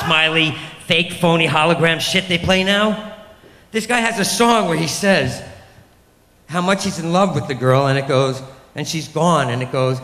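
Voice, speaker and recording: A man's voice: high voice, fairly bright tone, long reverb tail. A man doing a rambling, crude stand-up comedy set, full of sarcastic rants and mocking impressions.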